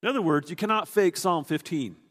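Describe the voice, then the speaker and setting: A man's voice: on the high side, brisk, long reverb tail. A man preaching a sermon, explaining a scripture passage in an earnest, teaching way, often restarting his sentences.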